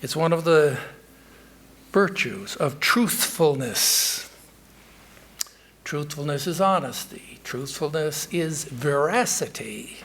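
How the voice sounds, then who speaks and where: A male monk giving a sermon in a temple, telling a story and reflecting in a measured way with frequent pauses and hesitations. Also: on the high side, animated, a bit bright.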